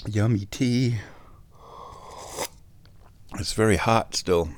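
A man's voice: fairly low pitch, extremely slow. A drowsy man rambling casually to his viewers at home, chuckling often, his sinuses a bit stuffed. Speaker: vlogger. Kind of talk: rambling casual chat to camera.

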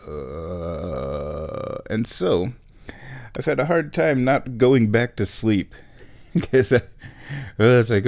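A man chatting casually on his stream, meandering and correcting himself, and sometimes talking to his cat in a high baby voice. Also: animated, takes it slowly, creaky, pauses often, darkish tone. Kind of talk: casual rambling chat.

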